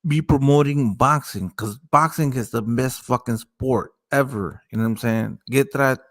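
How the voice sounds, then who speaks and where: A man's voice: mid-range voice, moderate pace. A man hosting a casual boxing chat on a group call, rambling loosely with lots of profanity while faded. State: high, faded.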